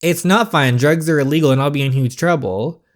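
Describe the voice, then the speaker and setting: A man's voice: on the high side, brisk, close to an everyday voice. A man voicing a panicky young rock musician. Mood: panicked. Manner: anxious, defensive. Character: guilty young male rock musician, shaken.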